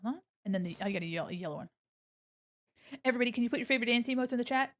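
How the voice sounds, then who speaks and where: Woman, high voice, casual livestream chatter, playful, hums and sings along. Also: lively intonation, racing. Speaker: art streamer. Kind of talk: casual livestream chat to viewers.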